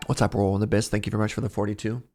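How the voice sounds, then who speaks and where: A man's voice: lowish voice, little pitch movement, very fast, a little mellow, faint music behind. A man streaming live, chatting casually with his viewers in a jokey, talkative way and laughing often.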